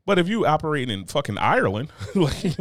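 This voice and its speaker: A man's voice: fairly high pitch, big pitch swings, brisk, dry recording. Profane, argumentative man, dry sound. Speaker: podcast co-host. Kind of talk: casual chat.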